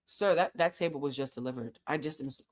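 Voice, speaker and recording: A woman vlogger telling a story in a casual, animated, blunt way, with frequent swearing. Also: deep voice, fairly quick.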